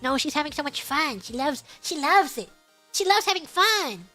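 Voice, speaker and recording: Streamer, woman: high, bouncy read of superchats, playful and giggly, faint music under the voice. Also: very animated, moderate pace, sharp tone. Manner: playful, bursts of high laughter, stumbles over foreign words. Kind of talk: casual livestream chat.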